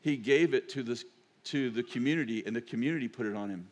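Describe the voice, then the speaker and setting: A man's voice: medium pitch, quick pace, darkish tone. An older man, a pastor and grandfather, preaching a sermon in a chatty, digressive storytelling manner.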